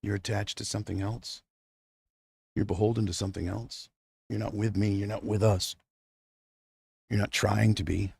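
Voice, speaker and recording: A man's voice: on the low side, flat delivery, moderate pace, gravelly, long pauses, darkish tone, husky, no echo. A middle-aged man hosting an unscripted livestream. He rambles heartfelt and close to tears, and speaks straight to his absent wife. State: near tears. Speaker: livestream host. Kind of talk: unscripted emotional monologue.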